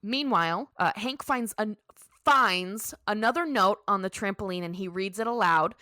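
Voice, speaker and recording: Bright-voiced woman retelling a story. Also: medium pitch, no room sound, studio quality. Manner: animated retelling with quick character voices. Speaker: podcast co-host. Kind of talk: casual recap chat.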